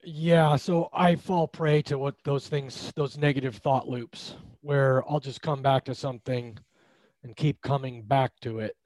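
Measured, reflective man in conversation. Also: medium pitch, steady tone, a little mellow, dry recording, low-quality recording. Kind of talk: casual conversation.

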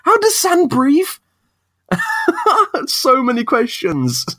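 A man's voice: extremely high pitch, wildly swooping pitch, slow, fairly bright tone. A man co-hosting a casual comic-book podcast, giggly and slangy. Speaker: podcast co-host.

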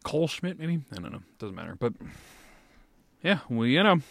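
A man's voice: a little high, sing-song, moderate pace, vocal fry, a bit bright, no room sound. A man co-hosting a podcast, griping about sports with profane, sardonic humor. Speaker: podcast co-host. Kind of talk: casual sports chat.

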